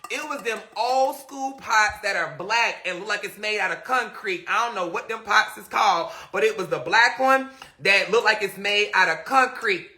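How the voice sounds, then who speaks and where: A man telling a story casually on a live stream, animated and laughing often as he talks to viewers. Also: high voice, moderate pace.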